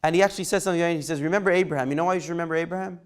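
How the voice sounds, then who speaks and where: A man leads an informal Torah lesson conversationally, checking in with his students, asking "right?" and taking their questions by name. His voice is fairly high and steady, very fast, clear and resonant.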